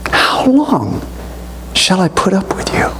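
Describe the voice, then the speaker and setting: A man's voice: sits high, huge pitch swings, slow, a bit bright, slight background noise, full character voice. A man voicing an exasperated male teacher, rebuking his followers in a stern, weary tone.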